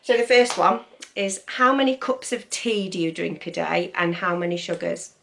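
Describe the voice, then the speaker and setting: A woman's voice: fairly low pitch, flat delivery, normal speed, creaky. A woman with an East Midlands English accent chatting casually to camera, with lots of ums and opinionated asides. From East Midlands, England. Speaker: vlogger.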